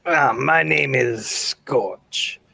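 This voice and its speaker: A man voicing a polite, measured male adventurer in a tabletop game. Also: mid-range voice, gravelly, crowd noise, heavily acted.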